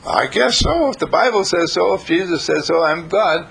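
A preacher putting on a timid old churchgoing woman, voice pushed up high and gravelly. She stammers and hesitates, shy and amazed. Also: lively intonation, moderate pace, exaggerated voice. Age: older.

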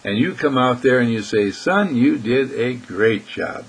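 Speaking a little slowly in an animated, mid-range voice with a gravelly, husky quality, a man from the United States gives a short inspirational talk as dean of a healing school. He drives his points home by repeating them and acts out the questions his listeners might ask. The recording is low quality.

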